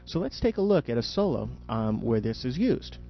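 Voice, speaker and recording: A man leads a podcast audio lesson on jazz improvisation, speaking at an ordinary middle pitch. He explains patiently and step by step, sometimes lifting his voice to act out a question. The sound is somewhat dull and lo-fi, with faint music underneath. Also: sing-song, moderate pace, gravelly. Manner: patient, explanatory, demonstrates questions with rising inflection.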